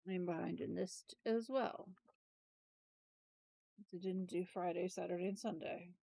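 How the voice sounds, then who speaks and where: A tired woman talks through her planner at an unhurried pace, rambling and often breaking off mid-phrase to correct herself. Her voice is soft and mellow, recorded dry and close. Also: fairly low pitch, fairly even intonation, vocal fry, no room sound. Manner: rambling, trailing off, with self-corrections and asides. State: tired, yawning. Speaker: planner vlogger. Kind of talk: casual chatty planner walkthrough.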